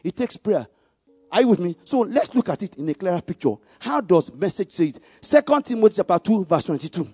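A man preaching, leading the congregation in call-and-response and rising to loud exclamations on key words. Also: sits high, brisk, slightly rough, dry recording, faint music behind. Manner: animated call-and-response, leads the congregation to repeat verses. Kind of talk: sermon.

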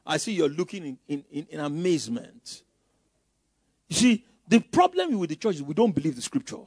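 Pastor, male, high and very lively voice, preaches with loud bursts and teasing asides, dry close sound. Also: dry recording. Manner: mocking asides. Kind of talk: sermon.

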